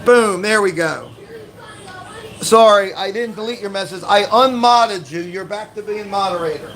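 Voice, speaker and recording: High gravelly man hosting a stream. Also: moderate pace, a bit bright, low-quality recording. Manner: easygoing, upbeat sign-offs. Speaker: livestream host. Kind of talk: casual family livestream chat.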